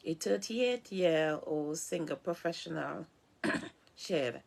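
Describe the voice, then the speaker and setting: Woman vlogger, low gravelly voice, reads aloud slowly, stumbles and restarts words. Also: darkish tone. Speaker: vlogger reading a book aloud. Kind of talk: slow reading aloud.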